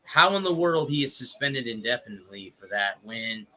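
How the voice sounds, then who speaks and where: A man's voice: mid-range voice, animated, normal speed, sharp tone, poor audio. A man hosting a sports podcast, leading topics and readily agreeing with his co-hosts. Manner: leads topics, agreeable, reads from list. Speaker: podcast host. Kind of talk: casual sports chat.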